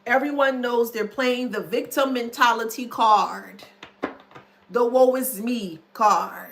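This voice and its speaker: A woman's voice: on the high side, slow, gravelly, fairly bright tone, slight background noise. A woman commentator in a casual monologue, blunt and scornful, who spells out words letter by letter. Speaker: online commentator.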